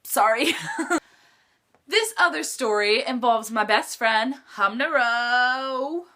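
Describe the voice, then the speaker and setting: A woman's voice: on the high side, slow pace, pushed and bright. A teenage girl vlogging in a chatty storytime style, full of "like" fillers. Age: teens. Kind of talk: casual storytime chat.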